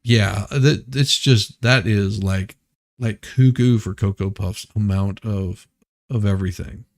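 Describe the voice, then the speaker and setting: A man's voice: on the low side, unhurried. A man hosting a casual news commentary stream, rambling and restarting his sentences as he laughs at absurd claims. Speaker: host.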